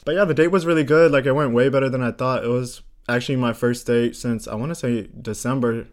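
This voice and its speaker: A man's voice: mid-range voice, fast talker. Young male podcast co-host with a mid-range voice, telling stories casually and acting out what people said. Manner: animated storyteller, acts out quotes, laughs often. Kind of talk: casual chat.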